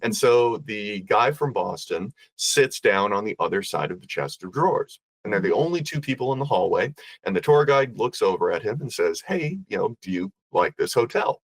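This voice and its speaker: Lively male ghost-story teller. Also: on the low side, moderate pace, no room sound. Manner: animated storyteller who acts out the voices. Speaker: podcast guest, ghost tour storyteller.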